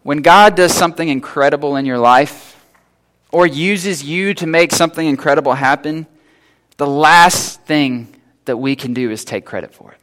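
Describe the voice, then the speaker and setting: A man's voice: on the high side, moderate pace, fairly bright tone, slight background noise. A man preaching a sermon in a conversational way, retelling scripture and acting out the people in it in casual voices. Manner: conversational, acts out biblical figures in casual voices. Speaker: pastor.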